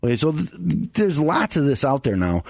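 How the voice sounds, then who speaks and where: A man's voice: medium pitch, sing-song, moderate pace, dry recording, clean studio sound. A man hosting a radio show as a tax attorney, giving casual advice in a chatty way and laughing often.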